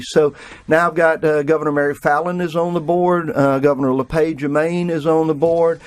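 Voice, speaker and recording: A man's voice: fairly high pitch, fairly even intonation, fairly quick. A man with a Mississippi accent, a studio guest talking in a folksy, hesitant way with many fillers. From Mississippi, USA.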